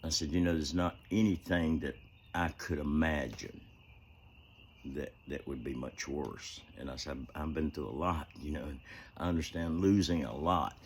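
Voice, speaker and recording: A man's voice: rumbling low, moderate pace, slight background noise. A man vlogging outdoors in a rambling, heartfelt way, full of "you know" fillers. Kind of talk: casual outdoor vlog talk.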